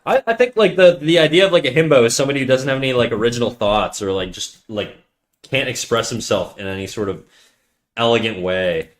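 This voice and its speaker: A young man streams live and rambles fast to his chat, his deep, bassy, nasal voice tumbling into stutters and restarts. He is slangy and profane, calling everyone dude. His pitch sits mid-range for a man. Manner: swearing, slangy, calls listeners dude. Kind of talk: casual chat reading viewer comments.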